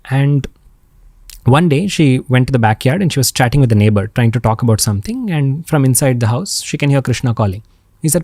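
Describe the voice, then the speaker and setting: A man's voice: medium pitch, dry recording. Earnest man, dry close mic. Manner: earnest and expressive, pausing and repeating for emphasis. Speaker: podcast guest. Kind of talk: spiritual storytelling.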